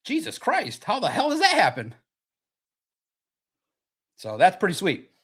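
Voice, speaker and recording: A man in his forties with a fairly high voice, riffing in a loose livestream monologue. He is brash and boastful, swears freely and gets worked up easily. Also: a little slow, breathy edge. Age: 40s. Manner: brash, profane, boastful, excitable. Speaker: sports podcast host.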